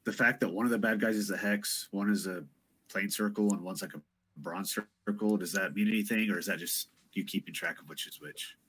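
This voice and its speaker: A man's voice: low-pitched, fairly quick, a bit bright, breathy edge. A man playing a tabletop role-playing game, asking the game master curious questions. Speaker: player. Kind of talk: casual tabletop play.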